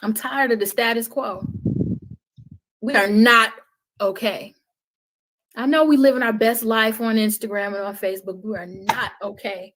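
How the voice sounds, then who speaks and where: A woman speaking as a podcast guest, impassioned, with a preaching cadence that swings between loud and hushed. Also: on the high side, steady tone, moderate pace, pauses often, slight background noise, low-quality recording. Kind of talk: passionate podcast talk.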